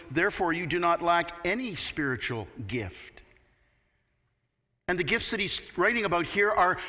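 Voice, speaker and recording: A man's voice: a little high, sharp tone, big-room sound. A man preaching a sermon from Canada, earnest and building to emphatic peaks. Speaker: pastor.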